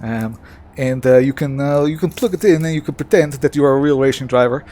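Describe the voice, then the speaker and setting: A man's voice: medium pitch, brisk, mellow, lightly acted. A man putting on a Dutch accent to play a sarcastic mock presenter of a gadget, with a smug salesman tone and many hesitations. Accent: put-on Dutch. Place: home sim-racing setup.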